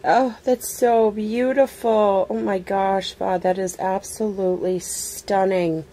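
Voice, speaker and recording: A woman vlogger unboxing a craft swap package in casual chat, gushing over each item with excited exclamations. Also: mid-range voice, takes it slowly.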